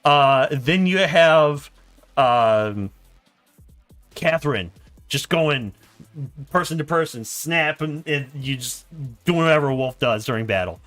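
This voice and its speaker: A man narrating a story in a board game on a stream, laughing and animated. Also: on the high side, slow pace, soft background music.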